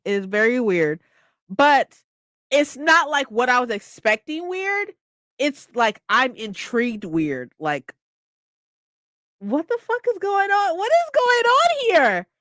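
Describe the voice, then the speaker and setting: A young woman chatting casually about a book she's reading, excitable, swearing often and acting out lines. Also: on the high side, no echo, studio quality. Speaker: streamer hosting a reading session.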